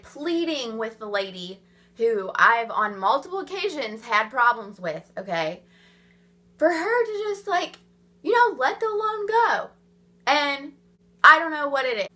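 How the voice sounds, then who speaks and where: A woman's voice: fairly high pitch, sharp tone. A young woman in her twenties vlogging, ranting in an exasperated, blunt way and swearing freely. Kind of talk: ranting vlog monologue.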